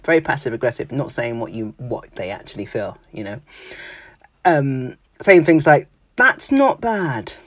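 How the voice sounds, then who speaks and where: A speaker from London with a London accent, talking in a casual monologue, emphatic and expressive, often mimicking everyday phrases. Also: medium pitch, normal speed, no room sound. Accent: London English. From London, England.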